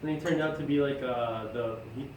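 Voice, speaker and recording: A man chatting casually at a meetup, telling stories about selling his paintings with lively quoted voices and frequent laughs. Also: medium pitch, fairly quick, noisy background. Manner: animated, acts out quoted customers, laughs often. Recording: echoey room, far from mic, music behind.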